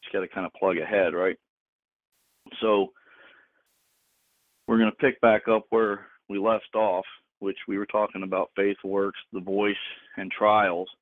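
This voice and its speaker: Low-voiced guy teaching bible stuff over a tinny phone line, laid back and rambly. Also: a little slow, pauses often, no room sound. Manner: relaxed, rambling, jokey. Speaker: Bible teacher on a radio show. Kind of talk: casual talk, teaching.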